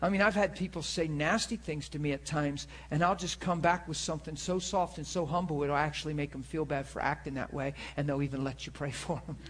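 A man's voice: a little high, fairly even intonation, a little fast, few pauses. A man preaching a sermon, telling a personal story in an earnest, storytelling manner. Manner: earnest, storytelling, with many repeated words.

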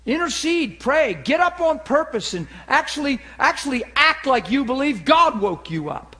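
Animated high-voiced male pastor preaching. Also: normal speed. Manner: animated, acts out voices and sound effects. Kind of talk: sermon.

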